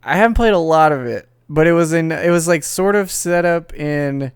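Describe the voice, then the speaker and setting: A man's voice: fairly high pitch, animated, normal speed, clean tone, no room sound, clean studio sound. A young man hosting a casual gaming podcast, rambling, swearing and laughing as he talks. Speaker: podcast host.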